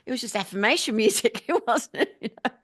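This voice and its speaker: A woman's voice: on the high side, lively intonation, brisk, a bit bright, slightly rough. A middle-aged woman, a musician and spiritual teacher, chatting as a podcast guest in an upbeat way and laughing often as she tells stories. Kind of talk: casual interview chat.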